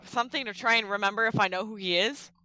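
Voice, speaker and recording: A woman's voice: mid-range voice, quick pace, pushed and bright, no echo, poor audio. A woman playing a tabletop game, animatedly narrating her character's actions. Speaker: player.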